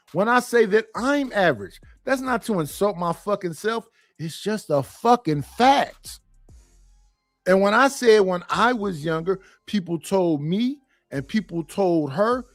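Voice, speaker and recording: Man, middle-aged, high-pitched, blunt, profane, rambling, dry close sound, faint music behind. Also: vocal fry, no echo. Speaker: panel guest. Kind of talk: casual opinion talk.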